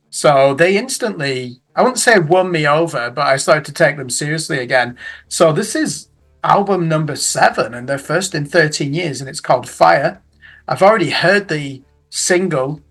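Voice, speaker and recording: A man's voice: fairly high pitch, a bit bright. A middle-aged man giving a casual roundup of new albums in a chatty way, with tag questions and self-corrections. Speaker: music reviewer.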